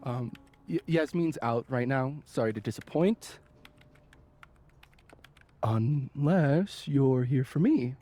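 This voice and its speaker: A smug, theatrical young assistant. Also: male voice, medium pitch, takes it slowly, pauses often, mellow. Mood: smug teasing.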